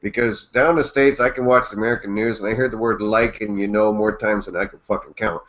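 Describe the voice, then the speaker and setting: A man's voice: on the low side, steady tone, fairly quick, fairly bright tone. Canadian guy, casual co-host, rambling and cursing, dull lo-fi sound. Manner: rambling, swears freely, jokey. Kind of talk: casual chat.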